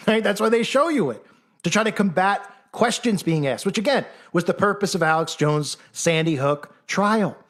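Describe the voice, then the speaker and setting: A man delivering an argumentative monologue, combative and mocking, firing off rhetorical questions and mimicking his critics. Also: high voice. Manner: acts out critics in mock voices. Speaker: commentator.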